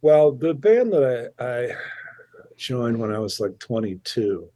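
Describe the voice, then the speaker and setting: An older man, a musician, telling a rambling, animated anecdote in a casual chat. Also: medium pitch, measured pace, dry recording. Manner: rambling, animated storytelling with restarts and chuckles. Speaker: musician guest.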